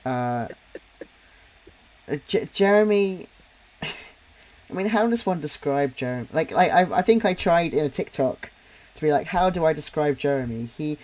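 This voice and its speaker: A man's voice: fairly high pitch, expressive, unhurried, pauses often, a little mellow. Guy rambling on a drawing stream, friendly, lots of ums and restarts. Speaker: livestream host and artist. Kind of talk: casual chat while drawing, reading chat comments.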